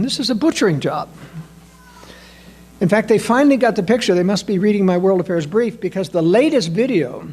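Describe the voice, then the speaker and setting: A man giving a political analysis talk, emphatic and full of rhetorical questions, addressing listeners as ladies and gentlemen. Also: high-pitched, breathy edge. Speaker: political commentator.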